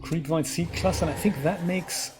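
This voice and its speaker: A man with a voice pitched a little above the usual talks his way through a live gameplay session in a relaxed, off-the-cuff manner. He muses about what he needs next and keeps tossing friendly replies to his viewers. Game music plays clearly behind him. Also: moderate pace. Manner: chatty, thinks aloud and answers viewer chat. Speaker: let's play host. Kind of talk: casual live gameplay commentary.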